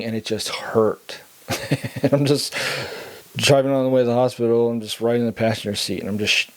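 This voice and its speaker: A young man tells his story in a relaxed, conversational way, laughing between lines. In the heavy moments his voice drops low and quiet. His pitch sits in a normal middle range for a man. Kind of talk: casual personal storytelling.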